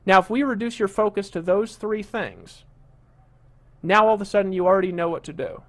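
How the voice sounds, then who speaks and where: A high-pitched man hosting an online marketing webinar. He is middle-aged and talks like a pushy salesman, full of fillers and repeats. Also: brisk, a bit bright. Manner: pushy salesman, scolds a complainer. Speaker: webinar host.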